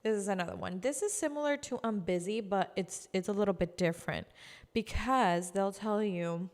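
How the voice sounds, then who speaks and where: A woman giving casual sales training, chatty, acting out customer calls in quick voices. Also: medium pitch, long reverb tail. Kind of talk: casual instructional talk.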